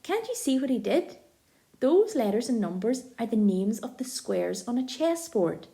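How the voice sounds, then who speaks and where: A woman voicing a sensible, kind schoolgirl in an audiobook, speaking patiently with gentle amusement. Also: a little high, big pitch swings, normal speed, gravelly. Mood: explaining.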